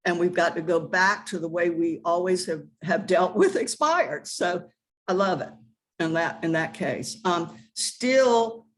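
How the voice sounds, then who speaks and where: A woman's voice: fairly low pitch, lively intonation, unhurried. A woman speaking as a real estate agent and trainer on an online panel, upbeat and eager in a coaching tone.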